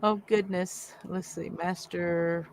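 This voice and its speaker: A woman hosting a livestream in casual chat, reading viewer comments aloud in a chatty, warm way. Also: lowish voice, steady tone, slow, gravelly, poor audio. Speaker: livestream host.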